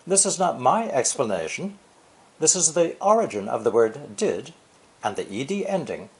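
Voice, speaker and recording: An older man giving a scripted English lesson, explaining deliberately and stressing key words. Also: mid-range voice, darkish tone. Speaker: English teacher.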